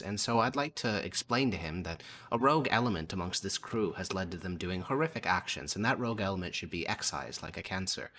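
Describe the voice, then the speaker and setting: A man voicing a scheming noblewoman in a tabletop game, speaking softly and calmly. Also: low voice, full character voice. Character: scheming noblewoman, smooth and persuasive.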